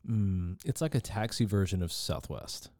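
A man's voice: low voice, moderate pace, a little mellow, dry recording. A man from the American South telling a rambling, profane story on a podcast, slipping into the voices of the people he met. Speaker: podcast guest. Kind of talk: casual storytelling.

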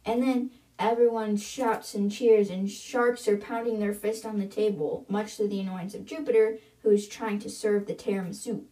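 A woman's voice: mid-range voice, steady tone, normal speed, few pauses, mellow. A woman hosting a book podcast, retelling the chapters casually in her own words and chatty manner. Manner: chatty, "she's like" storytelling.

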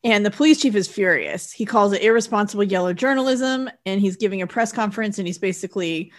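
Speaking at a quick pace in a mid-range voice, this woman co-hosts a podcast and casually goes over a film's plot in order. She keeps the summary steady, calling out dates and times as she goes.

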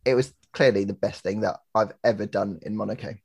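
A young man co-hosting a podcast, telling a story in an animated way and laughing often, over a laptop mic. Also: on the low side, brisk, gravelly, husky. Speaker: podcast co-host. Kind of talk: casual chat. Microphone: laptop webcam and mic.

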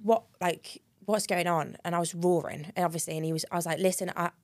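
A young woman, co-hosting a podcast and telling a personal story in a chatty, animated way, full of laughs and the odd swear word. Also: lowish voice, fairly quick. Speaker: podcast co-host. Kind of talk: casual chat.

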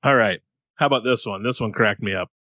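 A man's voice: on the low side, brisk, pushed and bright, no room sound, studio quality. A man co-hosting a podcast in casual chat, joking and laughing often while he talks. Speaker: podcast co-host.

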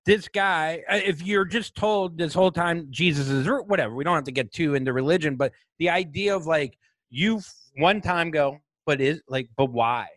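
A man's voice: fairly high pitch, normal speed, fairly bright tone, no room sound. A man from the American South hosting a podcast, talking in a casual, rambling way, restarting his thoughts and laughing often. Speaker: podcast host.

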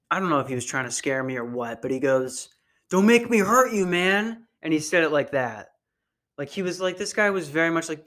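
A man's voice: a little high, fairly bright tone. A young man hosting a solo podcast, rambling and profane with many restarts and fillers, recorded on a computer mic. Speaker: podcast host. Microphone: computer mic on a video call.

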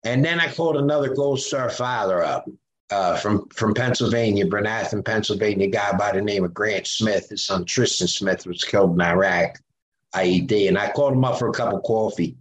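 This older man from Philadelphia, USA, speaks briskly in a lowish voice as a podcast guest sharing stories in conversation. Animated, he performs quoted voices and uses many fillers. The audio is roomy, with slight background noise.

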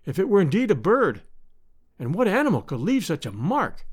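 A man narrating an adventure audiobook in a measured, expressive storytelling manner. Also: high-pitched. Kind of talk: scripted narration.

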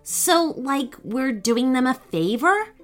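A woman's voice: high-pitched, big pitch swings, slow pace, pitched above the performer's own voice, full character voice. A woman voicing a curious, wary young boy who asks hesitant questions in a storybook reading, over faint background music. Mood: unsure.

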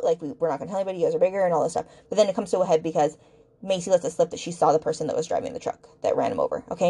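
A woman's voice: lowish voice, dark tone, slightly rough. A woman hosting a book podcast, ranting casually in an exasperated, rambling way with lots of fillers.

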